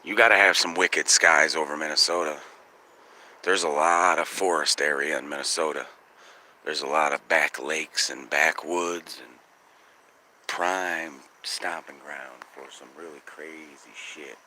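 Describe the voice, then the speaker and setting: A man's voice: very deep voice, a little slow. A man hosting a live night-sky watching stream outdoors, chatting with viewers and swearing often. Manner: profane, excitable, talks to chat viewers. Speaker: skywatch livestream host. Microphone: phone.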